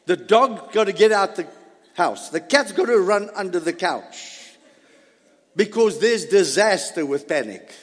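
A man preaching a sermon, swinging between loud emphasis and soft asides. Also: sits high, lively intonation, measured pace. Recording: long hall reverb.

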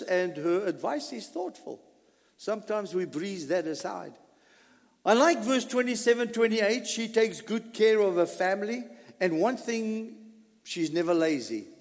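Animated preacher man in a reverberant hall. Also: a little high. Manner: animated storytelling preacher, swings between loud emphasis and quiet asides. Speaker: pastor. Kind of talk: sermon.

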